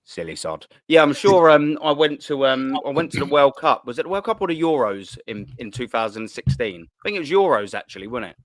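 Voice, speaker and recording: A man with a London accent talking casually over a video call, rambling from story to story with easy swearing. His voice sits at a middling pitch and comes across dry and close, with no room sound. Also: big pitch swings, a little fast, few pauses, no echo. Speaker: guest on a fan show. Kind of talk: casual chat.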